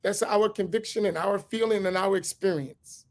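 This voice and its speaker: A man's voice: high-pitched, steady tone, normal speed. A man speaking as an imam, giving an emphatic lecture-style sermon and repeating his key points. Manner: asks for slides to be put up.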